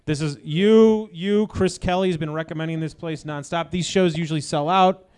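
A man's voice: fairly high pitch, moderate pace, a little mellow, smooth. A man hosting a live comedy show, bantering with a guest and introducing comics with joking, profane teasing. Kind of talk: casual banter and stage introductions.

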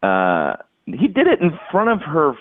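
A man's voice: a little high, huge pitch swings, a little slow, dry recording. Man, casual podcast chat, rambling, tinny phone-like sound, dry. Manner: rambling, many restarts and "like"s.

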